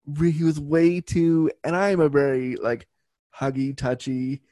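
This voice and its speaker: A man's voice: a little high, level tone, a little slow, warm tone, no room sound. Blunt, frank man telling a story. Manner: frank and blunt, with many fillers. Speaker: guest. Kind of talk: casual storytelling.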